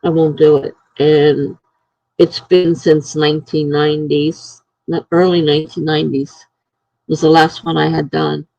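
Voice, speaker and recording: Middle-aged woman chatting on her live stream, slow unhurried talk, dry close sound, tells stories and plays out what folks said. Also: low voice, little pitch movement, vocal fry, a little mellow, no room sound, dull audio. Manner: storytelling, acting out what others said. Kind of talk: casual chat.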